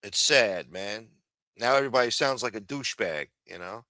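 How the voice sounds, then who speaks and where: A crude, sarcastic livestream host from New rambles through his rants. His tone is sharp and bright, and his voice sounds close and dry. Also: on the low side, moderate pace, no room sound. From New York. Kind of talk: profane ranting livestream chat.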